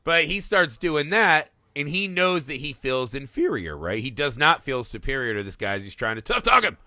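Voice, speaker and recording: A man talking films on a podcast, his voice bright and forceful and swinging all over the place as he riffs. He swears freely and leans into the scenes he describes. The sound is dry and close, with no room behind him. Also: on the high side, normal speed, no room sound. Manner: animated, swears, acts out quotes in put-on voices. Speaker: podcast co-host. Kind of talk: casual film discussion.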